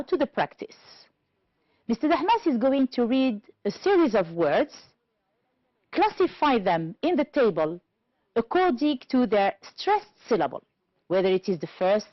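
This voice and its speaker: A woman from Algeria teaching an English lesson on television, speaking slowly and clearly and stressing each word for learners. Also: on the high side, no echo, muffled recording. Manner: slow, clear teacherly delivery, stressing words.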